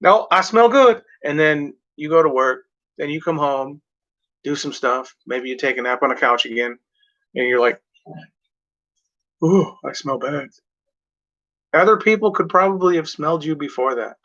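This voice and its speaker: A man's voice: fairly high pitch, moderate pace, sharp tone. A man rambling through a casual vlog monologue, swearing freely and joking to himself. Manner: rambling, profane, jokey. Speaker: vlogger. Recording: muffled lo-fi recording.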